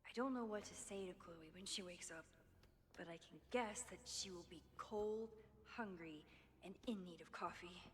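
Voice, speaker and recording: An actress voicing a young woman photographer, thoughtful and anxious, musing quietly in a game's inner monologue. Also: fairly low pitch, moderate pace, in a large hall, faint music behind, close to an everyday voice. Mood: worried musing.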